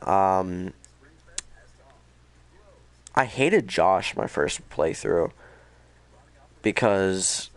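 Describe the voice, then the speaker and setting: A young man casually recapping a video game, energetic and rambling, with lots of swearing. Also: low voice, drawn-out words, long pauses, smooth, no room sound. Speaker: gaming video host.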